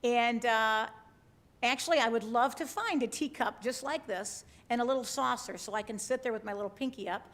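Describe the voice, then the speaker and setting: A woman pastor preaches conversationally to an online congregation over a church livestream, regularly addressing listeners with tag questions. Her voice is fairly high, fairly quick, and a bit bright.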